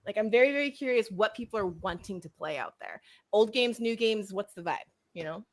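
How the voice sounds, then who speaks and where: A woman's voice: medium pitch, brisk. A woman from the United States co-hosting a live stream, chatting casually and laughing often. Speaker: podcast co-host.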